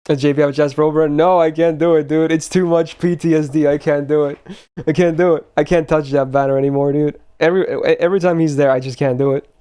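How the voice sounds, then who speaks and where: A man's voice: fairly high pitch, steady tone, quick pace, mellow, clear, resonant tone. A young man chatting casually on a live stream, blunt and swearing often as he talks to his chat.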